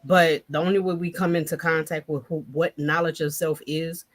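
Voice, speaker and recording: A woman's voice: low-pitched, flat delivery, moderate pace. A woman joining a talk show over a video call, speaking earnestly and reflectively about faith. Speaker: guest. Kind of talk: casual chat.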